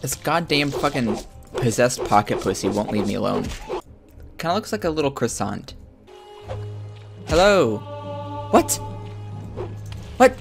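A man giving crude, joking commentary while playing a video game, with loud excited outbursts. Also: mid-range voice, moderate pace, vocal fry, over music. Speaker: gamer streaming his own play. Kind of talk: profane let's-play commentary.

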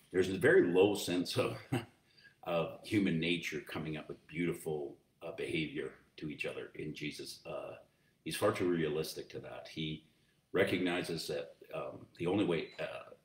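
A man preaching as pastor, teaching in a conversational way with many fillers and restarts. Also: very deep voice. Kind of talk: sermon. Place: church. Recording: roomy echo, distant mic, faint noise.

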